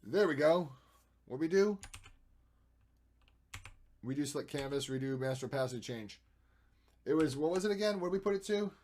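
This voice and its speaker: A man streaming while he edits photos, chatting and thinking aloud, with playful sound effects and jumps between loud and quiet. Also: on the high side, animated, normal speed, long pauses. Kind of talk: casual live-stream commentary.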